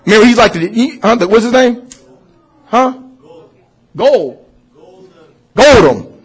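A man's voice: extremely high pitch, expressive, takes it slowly, breathy edge, rough recording. A man giving an informal religious lecture to a class, asking questions and answering them himself in a conversational way. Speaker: Muslim teacher.

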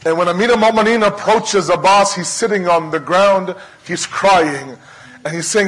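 A man's voice: high-pitched, moderate pace, a bit bright, a little hiss or hum, rough recording. A male preacher telling a religious story as a sermon, impassioned and dramatic, with much repetition.

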